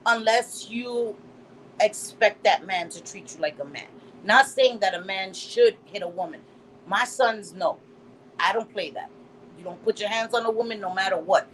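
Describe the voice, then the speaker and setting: A woman's voice: medium pitch, normal speed, fairly bright tone, slight background noise, rough recording. A middle-aged woman from Puerto Rico hosting a casual live stream, blunt and profane, with Spanish words mixed in. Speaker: livestream host.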